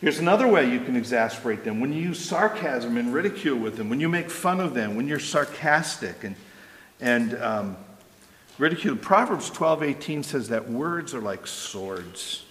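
A middle-aged man preaches a sermon in a casual, talky way, tossing "right?" to his listeners. His voice sits at an ordinary pitch for a man. It rings out with a long reverb, as if heard in a large, echoey hall. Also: animated, moderate pace, a bit bright. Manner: conversational preaching, frequent "right?" asides. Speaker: pastor.

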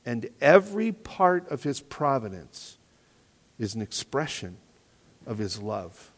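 A man preaching a sermon as pastor, earnest and questioning, often dropping to quiet emphasis. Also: medium pitch, sing-song, slow pace. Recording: echoey hall reverb.

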